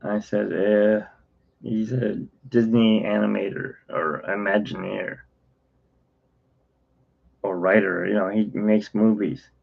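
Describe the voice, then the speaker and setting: A man's voice: fairly low pitch, fairly even intonation, slow pace, gravelly, pauses often. A tired man telling a rambling personal story in a casual vlog, acting out the voices of the people in it. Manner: rambling, self-interrupting, acts out quoted dialogue. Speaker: channel host. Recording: dull lo-fi sound.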